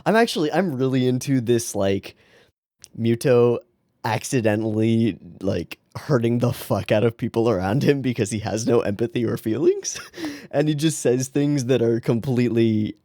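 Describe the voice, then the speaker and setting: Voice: medium pitch, normal speed, mellow, no room sound, studio quality. A young adult anime reaction host giving casual, joking commentary, swearing freely and laughing often.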